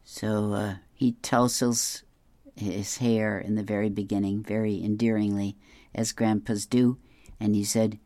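Deep-voiced woman reading the funnies. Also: unhurried, dry recording. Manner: relaxed, amused, describing each panel. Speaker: comic strip reader. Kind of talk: reading newspaper comics aloud.

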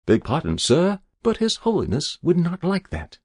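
A man's voice: fairly high pitch, wildly swooping pitch, moderate pace, darkish tone, breathy edge, dry recording, studio quality, pitched above the performer's own voice, exaggerated voice. A man voicing a polite but unbending old male river keeper who answers in short, clipped replies. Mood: politely firm.

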